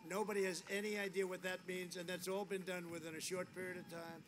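A man's voice: high voice, level tone, quick pace. A man giving a rambling, boastful rally speech outdoors, full of repetition and asides. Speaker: political speaker at a rally. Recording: noisy outdoor rally audio.

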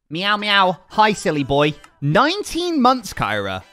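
A young man live-streaming a game, chatting excitedly and thanking viewers as he plays. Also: fairly high pitch, unhurried, few pauses, no echo, clean studio sound, faint music behind. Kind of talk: casual live-stream chat while gaming.

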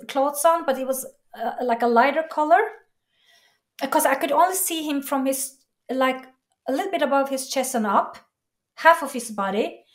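A woman interview guest telling a personal story in an earnest, emotional way, halting and restarting. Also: high voice.

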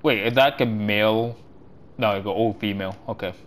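A man hosting a gaming channel, chatting through a walkthrough in loose, halting English and getting excitable as he plays. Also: lowish voice. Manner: loose, halting non-native English phrasing. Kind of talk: gameplay walkthrough commentary.

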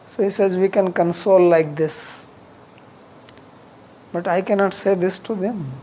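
Man teaching scripture in a measured voice. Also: high voice, fairly even intonation, slight background noise, poor audio. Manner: recites verses in Sanskrit, then explains them in simple, measured English; drops softer at phrase ends, with frequent restarts. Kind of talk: verse-by-verse scripture commentary.

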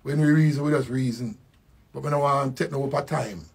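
An older man with a Jamaican accent giving a slow, reflective spoken tribute, repeating his phrases. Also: mid-range voice, steady tone, vocal fry, slightly rough. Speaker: musician.

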